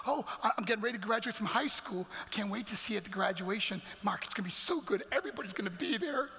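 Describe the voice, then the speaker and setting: A man speaking as his loving young adult sister in a soft, pleading tone. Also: very high voice, heavily acted. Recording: echoey hall with faint music.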